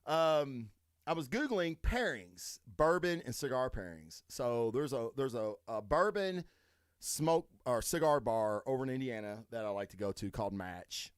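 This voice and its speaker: Brief: crude, swearing Southern man hosting a podcast, animated delivery, dead-dry room. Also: mid-range voice, normal speed, smooth, no room sound. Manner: rambling, swears a lot, crude joking. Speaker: podcast host. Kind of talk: casual profane chat.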